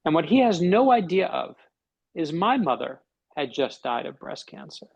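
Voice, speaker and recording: Middle-aged guy, bit of fry in his voice, telling a story on a podcast, does all the voices. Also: fairly high pitch, moderate pace, highs cut off. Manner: animated storyteller acting out quoted dialogue. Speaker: podcast guest, author. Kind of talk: storytelling in conversation.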